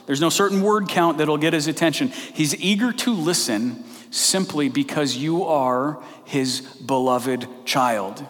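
A man preaching a sermon as pastor, earnest and conversational, moving between quick asides and slow, drawn-out emphasis. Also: fairly high pitch, fairly bright tone. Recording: long hall reverb.

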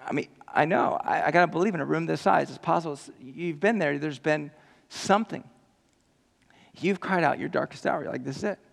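A man preaching a sermon in a large room, impassioned, swinging from loud cries to hushed musing. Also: fairly high pitch, brisk, vocal fry. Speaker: pastor. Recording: long reverb in a large hall.

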